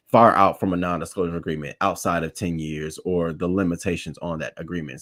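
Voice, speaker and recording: A man with a lowish voice hosts a celebrity news show, delivering blunt, opinionated commentary and reading his live chat. He swears freely and repeats points for emphasis.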